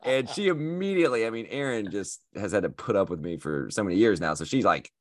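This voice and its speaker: A man with a notably deep, low voice tells a story on a podcast with lively, self-mocking energy. The sound is dry and close to the mic. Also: fast talker, dry recording. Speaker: podcast co-host. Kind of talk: casual podcast chat.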